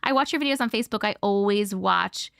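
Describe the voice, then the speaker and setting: A woman's voice: medium pitch, brisk, vocal fry, a bit bright, smooth, no echo, clean studio sound. A woman hosting a live stream, chatting casually and rambling, swearing freely and thanking viewers by name as she reads their comments. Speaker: host of a live stream reading viewer stories.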